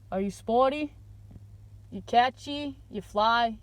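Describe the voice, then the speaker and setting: A woman vlogger talking to her viewers in a meandering, playful monologue full of slang, drifting between calm and loud. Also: mid-range voice, a little slow. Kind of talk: rambling stream-of-consciousness monologue.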